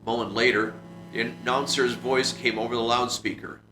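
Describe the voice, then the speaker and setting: A man reading a classic adventure novel aloud for a book club, steady with small restarts. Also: mid-range voice, moderate pace. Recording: roomy echo with music behind.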